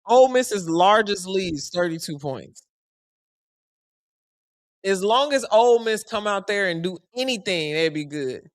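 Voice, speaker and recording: A man's voice: high-pitched, a little slow, long pauses, no echo. A young man giving casual, joking live commentary on a basketball game. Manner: animated, joking, slangy and conversational. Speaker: sports commentary streamer.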